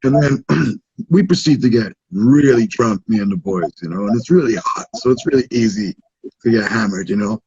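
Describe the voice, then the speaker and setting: Irish guy telling a story, husky voice, swears a lot, laid back, dull lo-fi audio. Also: lowish voice, normal speed, a little mellow, no room sound. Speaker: guest. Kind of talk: casual storytelling chat.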